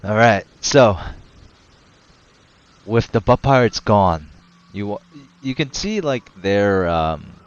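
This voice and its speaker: A man's voice: fairly low pitch, big pitch swings, slow pace, lo-fi sound. A man narrating as game master of a tabletop game, laid-back and hesitant, often laughing.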